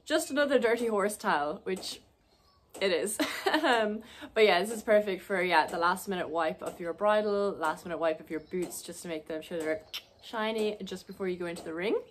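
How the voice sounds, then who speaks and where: A woman's voice: on the low side, moderate pace, a little hiss or hum. Chatty young Irish woman vlogging. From Ireland. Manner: chatty, friendly, upbeat. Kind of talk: casual vlog walkthrough.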